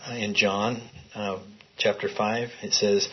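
Husky man teaching scripture to a group. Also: mid-range voice, steady tone, unhurried. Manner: questions the group, reads scripture aloud. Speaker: Bible study teacher. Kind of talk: interactive Bible teaching. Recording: dull lo-fi recording.

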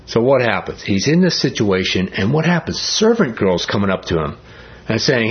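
A man preaching a sermon as pastor, speaking in a conversational, animated way that builds in emphasis. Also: on the low side, normal speed, lo-fi sound.

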